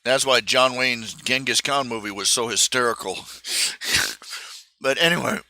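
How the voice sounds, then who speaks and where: A man hosting a live stream, talking in a casual, halting monologue full of fillers and restarts. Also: mid-range voice, sharp tone, no echo. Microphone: streaming microphone.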